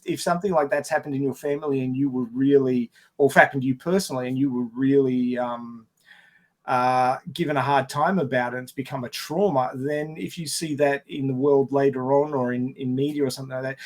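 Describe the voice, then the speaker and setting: A man co-hosting a podcast in casual chat, animated and laughing often, restarting sentences as he talks. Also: mid-range voice, a little fast. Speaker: podcast co-host.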